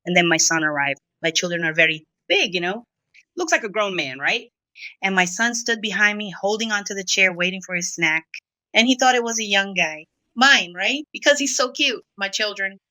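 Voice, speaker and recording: A woman's voice: mid-range voice, animated, moderate pace, bright, forceful tone, dry recording, rough recording. A middle-aged woman from Brazil, a guest in an interview, telling her own story emotionally. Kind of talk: confessional interview talk.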